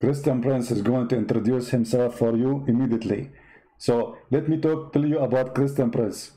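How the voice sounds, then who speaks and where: A man's voice: medium pitch, fairly even intonation, normal speed, dark tone, poor audio. A man from the East, hosting comedic religious commentary in a sarcastic, mock-bewildered way. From Middle East. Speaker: host.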